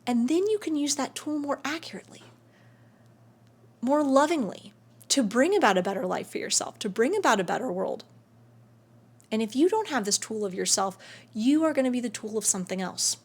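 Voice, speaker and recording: Emotive high-voiced woman self-help host. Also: a little fast, husky. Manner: emotive, swings between soft and excited. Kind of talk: spiritual self-help talk to camera. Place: indoors, air-conditioned room in sunlight.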